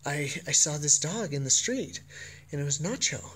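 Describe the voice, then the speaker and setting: A man's voice: fairly high pitch, normal speed. A man talking casually and playfully in a home vlog about his pet dog. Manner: playful, excitable. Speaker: dog owner and vlogger.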